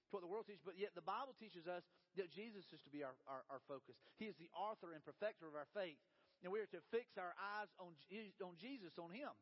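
A man preaching a sermon as a pastor, with a folksy storytelling manner, sinking into a soft, low voice for quotes. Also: fast talker. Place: church sanctuary. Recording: dull reverberant church hall.

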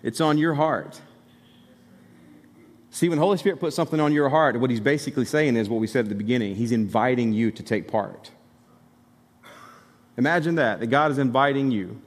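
Pastor from Alabama preaching in a reverberant hall. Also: male voice, medium pitch, fast. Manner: conversational, emphatic preaching with asides to the congregation. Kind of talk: sermon. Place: church sanctuary. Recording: long hall reverb from the sanctuary.

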